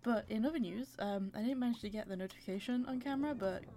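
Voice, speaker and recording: A woman's voice: fairly high pitch, fast talker, warm tone. A woman giving casual let's-play commentary, chatty and giggly, talking to her characters as she plays. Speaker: gaming channel creator.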